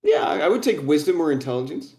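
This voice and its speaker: A man's voice: on the high side, lively intonation, fast talker, a little mellow. A young man narrating a tabletop game as game master, casually and with many fillers and restarts. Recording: echoey room.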